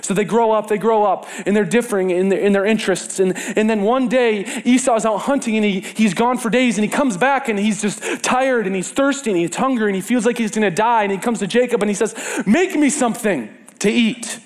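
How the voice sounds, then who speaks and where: A man with a slightly high voice tells a sermon story. He talks casually, with fillers and self-corrections, repeating words for emphasis and swinging between louder bursts and hushed asides. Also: brisk, hardly any pauses. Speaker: preacher. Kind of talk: sermon retelling a Bible story.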